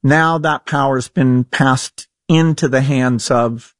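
A man's voice: mid-range voice, steady tone, slow, dry recording, clean studio sound. A man being interviewed who speaks urgently and emphatically, often restarting and sounding incredulous. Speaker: interview guest. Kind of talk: earnest interview conversation.

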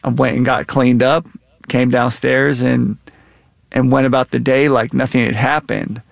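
Reading from his memoir and fielding interview questions, a guest author in his thirties speaks earnestly and measuredly. His pitch is medium, his tone level and creaky, with no room sound.

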